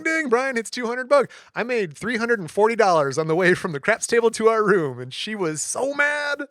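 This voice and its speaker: A man's voice: fairly high pitch, normal speed, dry recording, clean studio sound. A man from Michigan, a podcast co-host, telling a long story in casual chat and acting out the other people's voices. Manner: animated storyteller, acts out quoted voices.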